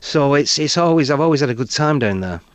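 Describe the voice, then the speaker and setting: A man's voice: a little high, quick pace, no echo. Middle-aged northern english guy, comic spinning yarns, acts out the voices, dry studio sound. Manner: animated, acts out quoted voices. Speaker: comedian guest. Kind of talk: storytelling anecdotes in a radio interview. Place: radio studio.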